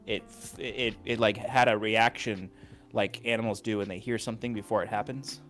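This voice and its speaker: A man co-hosting a podcast and running the game, chatting casually with many halting restarts and jokes. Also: on the low side, fairly even intonation, fairly bright tone, soft background music. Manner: halting, hesitant, joking. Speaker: podcast co-host, game master. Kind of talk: casual recap chat.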